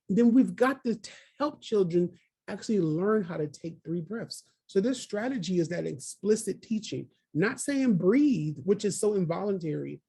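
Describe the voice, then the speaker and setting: Gravelly-voiced man leading a webinar. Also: sits high, warm tone. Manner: encouraging, coaxes listeners by name. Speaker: early childhood trainer. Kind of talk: webinar presentation. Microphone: video call.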